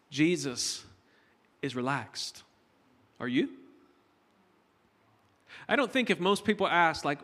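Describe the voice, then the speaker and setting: The sermon comes from a middle-aged man who chats and jokes with his congregation in a church hall. His voice is a little high and a bit bright, carried by a long hall reverb.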